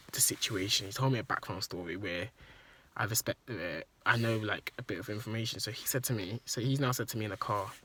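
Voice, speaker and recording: A man's voice: lowish voice, a bit bright, a little hiss or hum. A man telling an emotional story in a rambling, profane monologue that repeats itself. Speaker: vlogger.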